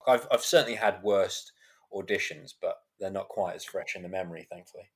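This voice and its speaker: A man in his thirties, an actor guest on a podcast, telling animated anecdotes and laughing often. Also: low voice, normal speed, a little hiss or hum. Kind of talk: podcast interview storytelling.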